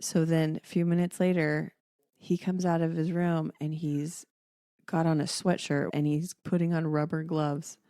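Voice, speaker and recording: Lively storytelling woman, dry close sound. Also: low-pitched, unhurried, no echo. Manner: animated, acts out quoted family members. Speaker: podcast co-host. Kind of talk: casual chat, storytelling.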